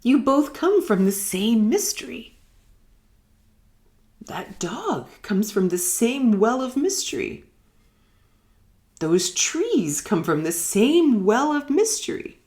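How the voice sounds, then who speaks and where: A woman giving a reflective spiritual teaching in a live online session, musing and unhurried, sometimes dropping almost to a whisper. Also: on the high side, big pitch swings, darkish tone. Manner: unhurried, musing, drops to near-whispers at times. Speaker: meditation teacher. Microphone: live online broadcast.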